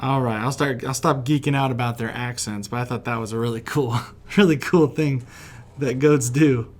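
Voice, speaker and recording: A man's voice: medium pitch, fairly even intonation, normal speed. A man from West Virginia, chatty and encouraging, teaching a children's drawing lesson while he sketches. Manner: friendly, chatty, encouraging, laughs often. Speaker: kids' art teacher.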